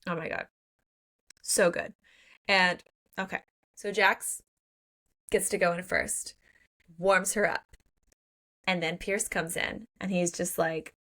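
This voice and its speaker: A woman co-hosting a book podcast in casual chat, gushing and excitable and swearing freely as she retells scenes. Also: medium pitch, measured pace, pauses often. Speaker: podcast co-host.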